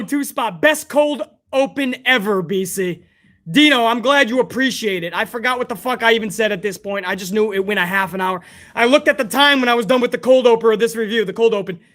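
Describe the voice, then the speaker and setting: A hoarse man hosting a live stream, chatting casually and profanely while reading out fan messages. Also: high-pitched. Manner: profane, excitable, chummy.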